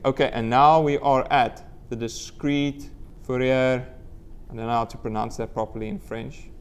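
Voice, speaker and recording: A man's voice: mid-range voice, fairly even intonation, normal speed, a little hiss or hum. A man giving a live university lecture, quizzing the class and letting out playful whoops. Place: lecture room with students.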